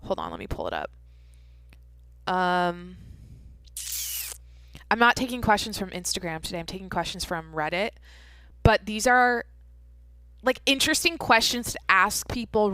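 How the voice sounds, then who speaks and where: A woman's voice: mid-range voice, lively intonation, measured pace, long pauses, sharp tone, smooth, dry recording. A young adult woman hosting a podcast, telling a story in rambling casual chat, swearing freely with many fillers and restarts. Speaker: podcast host.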